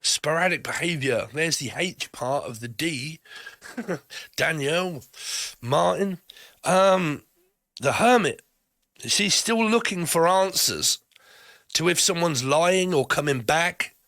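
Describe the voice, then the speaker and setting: Rambling, swearing tarot reader. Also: male voice, fairly high pitch, animated, slow pace, pauses often, a bit bright, no echo, clean studio sound. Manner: rambling, swears often, laughs between phrases. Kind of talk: rambling tarot card reading.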